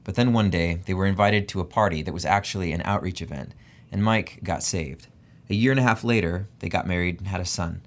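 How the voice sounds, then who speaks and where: A man reading scripted documentary narration in a steady, even way. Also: deep voice, brisk.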